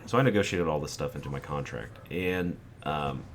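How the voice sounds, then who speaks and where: A man's voice: a bass voice, moderate pace, a little hiss or hum. A man in his forties hosting a gaming channel, telling a rambling personal anecdote over gameplay and acting out the quotes.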